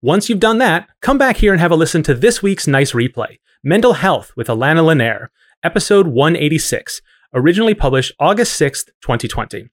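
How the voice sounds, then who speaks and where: Male podcast host with lively pitch. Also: brisk. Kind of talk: podcast intro and interview.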